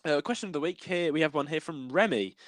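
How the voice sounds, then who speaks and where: A young British man co-hosting a podcast in casual chat, giggly and animated, often stumbling over restarts. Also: fairly high pitch, fast, no echo. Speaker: podcast co-host.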